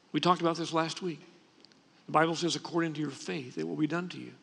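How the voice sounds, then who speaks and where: A man's voice: on the high side, vocal fry, husky. A man preaching a sermon as pastor, in a conversational way with frequent restarts. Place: church sanctuary. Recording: long reverb from a church hall.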